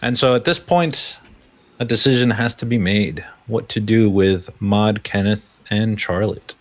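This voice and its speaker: Guy running the rpg as game master, kinda low voice, lots of ums and uhs. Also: unhurried. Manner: describes scenes loosely with many fillers. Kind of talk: narrating a tabletop game.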